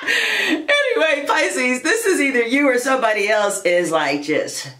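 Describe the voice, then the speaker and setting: A woman's voice: high-pitched, very animated, measured pace, a bit bright, reverberant. Playful, laughing woman tarot reader. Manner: playful, chatty, laughs often; addresses listeners as honey and darling. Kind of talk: casual tarot reading chat.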